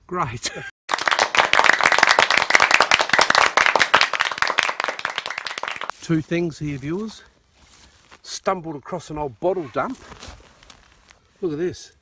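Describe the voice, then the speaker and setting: A man's voice: fairly high pitch, a little slow, pauses often, crowd noise, background noise. An Australian man hosting a metal detecting outing outdoors, chatty and joking, filmed on a phone. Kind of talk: casual chat. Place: dry field outdoors. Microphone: phone camera.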